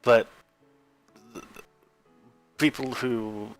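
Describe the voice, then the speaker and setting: Australian male streamer, mid pitch, chatty and self-mocking, laughs a lot, soft music behind. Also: steady tone, very slow. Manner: laughs often, self-deprecating asides. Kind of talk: casual stream chat between read lines.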